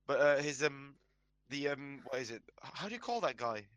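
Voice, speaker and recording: A man's voice: mid-range voice, expressive, normal speed, fairly bright tone. A man chatting on a casual podcast, telling stories and searching for his words as he goes. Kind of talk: casual chat.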